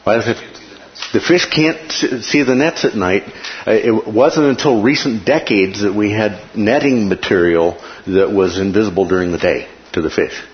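A man hosting a casual Bible discussion, animated and laughing often as he acts out quotes. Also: on the low side, moderate pace. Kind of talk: casual Bible study chat. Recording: dull lo-fi room recording with noise.

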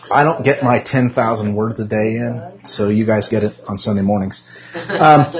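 A man's voice: medium pitch, a little hiss or hum. A young man speaks at the front of a church classroom. His talk is chatty and self-mocking, and he often restarts his sentences. The recording sounds slightly dull. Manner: conversational, self-deprecating, with frequent restarts. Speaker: Sunday school teacher. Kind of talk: casual church teaching.

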